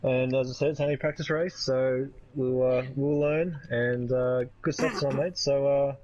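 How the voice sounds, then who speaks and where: A man's voice: medium pitch, moderate pace. Man, co-host, friendly, rambling, lo-fi chat audio. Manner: relaxed, friendly, a bit rambling. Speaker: co-host interviewing drivers. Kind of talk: casual post-race interview. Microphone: online voice chat. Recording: dull lo-fi voice chat.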